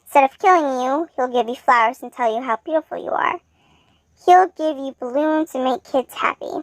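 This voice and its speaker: A woman's voice: high-pitched, normal speed, dry recording. A woman reading a fanfiction story aloud in plain storybook narration. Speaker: fanfiction reader.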